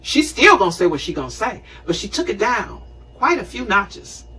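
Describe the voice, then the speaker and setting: A woman in her fifties hosting a talk show, telling a personal story in an animated, conversational way and acting out scenes. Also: medium pitch, moderate pace, slightly rough, recorded from a distance, low-quality recording. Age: 50s. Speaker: show host.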